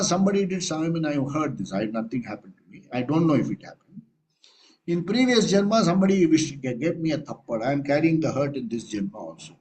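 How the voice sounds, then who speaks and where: Lively Indian man giving a spiritual talk. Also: fairly high pitch, rough recording. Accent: Indian English. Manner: conversational, acts out little scenes with changing voice. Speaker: spiritual teacher. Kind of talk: satsang discourse.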